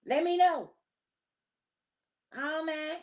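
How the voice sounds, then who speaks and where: Woman host; opinionated, slangy vlog talk aimed straight at the viewer, pitched a bit high. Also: extremely slow, low-quality recording. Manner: chatty, opinionated, slangy, direct address. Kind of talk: casual commentary vlog.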